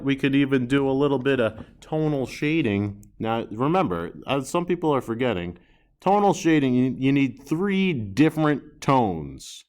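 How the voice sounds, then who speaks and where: A man's voice: medium pitch, animated, normal speed, darkish tone. A man teaching a recorded drawing lesson, chatty and self-deprecating, reacting aloud to his own sketches as he works.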